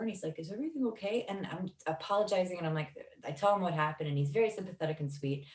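A woman casually telling a rambling, emotional story, swearing often. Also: lowish voice. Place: Los Angeles. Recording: echoey room, distant from mic.

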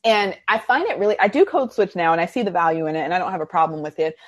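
Animated woman telling stories, dry sound. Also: lowish voice, rapid-fire, no echo. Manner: animated storytelling with frequent laughs. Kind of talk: casual conversation.

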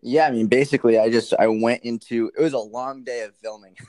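A man speaking as a podcast guest on nutrition, animated and rambling with many restarts. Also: mid-range voice, fast, no room sound. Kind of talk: casual interview chat.

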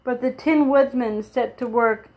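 Lady reading a storybook out loud, fairly high voice, a few stumbles. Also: unhurried, rough recording. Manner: steady reading with small slips and restarts. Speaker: reader. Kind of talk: storybook read-aloud.

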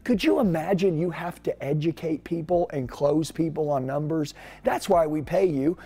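A man coaching salespeople in an energetic, punchy way, firing off rhetorical questions. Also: a little high, normal speed, slightly rough. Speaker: sales trainer.

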